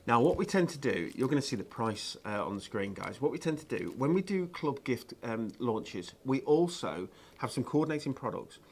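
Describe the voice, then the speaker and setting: A man's voice: mid-range voice, very animated, moderate pace, few pauses, a little hiss or hum. A man presenting craft products on a live shopping show, chatty and enthusiastic, with lots of ums and uhs.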